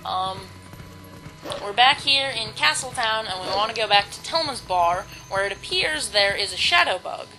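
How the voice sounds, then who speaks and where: A woman's voice: medium pitch, animated, normal speed, pushed and bright, poor audio. A woman giving rambling, self-deprecating let's play commentary while she plays a game. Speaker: gamer. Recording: game music underneath.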